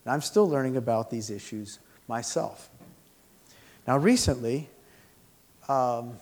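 A man teaching a session for pastors, earnestly presenting and reading aloud a student essay. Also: medium pitch. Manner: earnest, measured, expressive reading.

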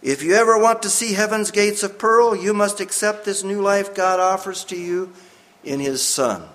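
A man's voice: high-pitched, moderate pace, fairly bright tone, voice pushed up. A man voicing an earnest missionary who urges his old friend with an urgent, pleading voice.

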